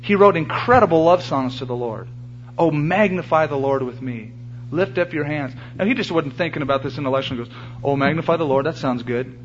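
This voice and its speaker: A man delivers a sermon from a church pulpit, earnest and emphatic, often repeating his phrases to drive a point home. His voice sits slightly high for a man. The recording is dull and lo-fi, with a faint hum underneath. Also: fairly bright tone. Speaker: pastor.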